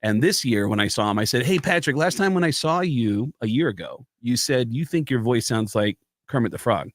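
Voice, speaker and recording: A comedian tells his stories in a loose, animated way and slips into the voices of the people he quotes. His voice sits at an ordinary male pitch. The sound is close and dry, with no room around it. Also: brisk, no room sound. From United States. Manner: animated storyteller who acts out quotes. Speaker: guest, stand-up comedian and impressionist. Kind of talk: casual storytelling chat.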